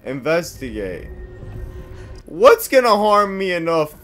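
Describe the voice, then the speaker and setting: A young man commentating on his horror game playthrough, swearing freely and reacting loudly to each turn. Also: high-pitched, sing-song, takes it slowly, soft background music. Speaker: gameplay commentator. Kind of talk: let's play commentary.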